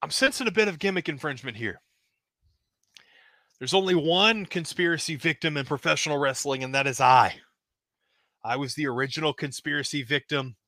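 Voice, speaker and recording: A smug veteran wrestler cuts in and lectures his rival in a mocking, condescending tone, with a man doing the voice. He repeats himself for effect, and his voice is bright and forceful. The mic is dry and close. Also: fairly high pitch, brisk, pauses often, no room sound. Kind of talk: wrestling promo impression.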